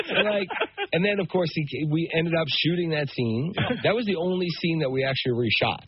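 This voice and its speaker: Husky, animated male actor telling stories. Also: on the high side, normal speed, no echo. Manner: animated storyteller, full of fillers and restarts, acts out quotes. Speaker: guest actor. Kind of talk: anecdotal interview storytelling. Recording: dull lo-fi radio recording.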